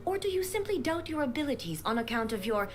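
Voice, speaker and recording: A cold, imperious female ruler speaks in measured, formal lines. Her voice sits a little high. Faint game music plays behind her. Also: sing-song. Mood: stern. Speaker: game character.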